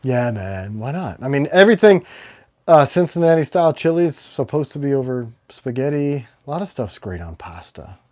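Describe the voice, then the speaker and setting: A man's voice: mid-range voice, very animated, normal speed, mellow. A middle-aged man from Michigan's Upper Peninsula who hosts a livestream about his knives. He chats casually, rambles and laughs often. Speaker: knife maker hosting a livestream. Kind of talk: casual chat.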